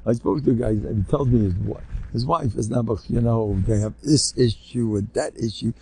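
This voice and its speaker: An older man, a rabbi, telling stories to a live audience in an animated, joking way, acting out the people he quotes and mixing in Hebrew and Yiddish terms. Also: mid-range voice, normal speed, gravelly, a little hiss or hum. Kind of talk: storytelling talk to a live audience.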